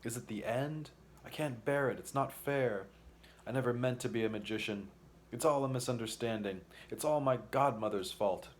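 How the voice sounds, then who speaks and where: A man voicing a trembling, cowardly older gentleman magician who wails in a quavering, self-pitying way in a storybook reading. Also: mid-range voice, moderate pace, natural voice. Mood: wailing.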